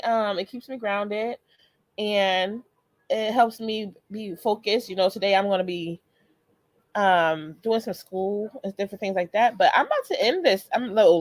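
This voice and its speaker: A woman's voice: medium pitch, dry recording. A woman in her thirties hosting a live motivational stream, talking casually and often laughing as she greets viewers. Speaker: host.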